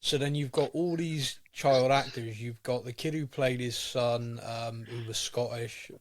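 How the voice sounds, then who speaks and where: A man's voice: mid-range voice, steady tone, measured pace. A man co-hosting a podcast, chatting in a casual, rambling and enthusiastic way. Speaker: podcast co-host. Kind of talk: casual chat.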